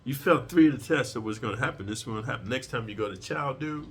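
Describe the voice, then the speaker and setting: A man's voice: mid-range voice, fast talker, husky. A man telling a prison story in a casual, profane, streetwise way, lecturing his listeners.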